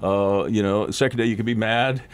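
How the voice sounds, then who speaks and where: A man's voice: fairly low pitch, fairly even intonation, a little fast, smooth. An older man from Canada, a radio interview guest, telling long rambling stories full of restarts and asides. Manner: rambling, chatty, lots of restarts and self-interruptions. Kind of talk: casual interview storytelling. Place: radio studio. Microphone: studio mic.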